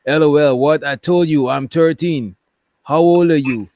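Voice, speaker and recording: A man's voice: fairly high pitch, moderate pace, darkish tone, dry recording. A man doing casual livestream commentary, reading text messages aloud in a rambling way and often checking in with "right?". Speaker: commentary streamer.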